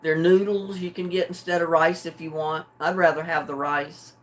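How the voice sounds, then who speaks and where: An older woman chatting casually with her livestream viewers, drowsy and relaxed, homey and chuckling often. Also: sits low, moderate pace. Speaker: livestream host. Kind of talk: casual chat with live viewers.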